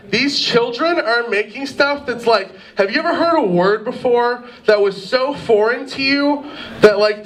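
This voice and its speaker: A man's voice: high voice, a bit bright. A man in his twenties doing a rambling, self-deprecating stand-up set on a pub stage, with lots of "like". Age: 20s. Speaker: stand-up comedian. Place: pub stage with live audience. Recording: distant mic, audience laughter.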